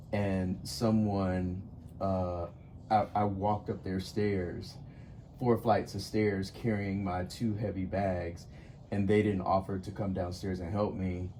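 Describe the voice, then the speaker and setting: A man's voice: deep voice, steady tone, takes it slowly, warm tone, slight background noise. A man in casual conversation on a porch, frank and playful, with a blunt, outspoken way of talking. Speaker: podcast host. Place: outdoors on a porch.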